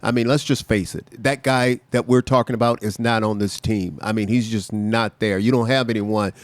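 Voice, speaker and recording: A man's voice: fairly low pitch, steady tone, normal speed, dry recording. A middle-aged man hosting a sports talk show, a former defensive player who tells stories in a heated way and stumbles over his words.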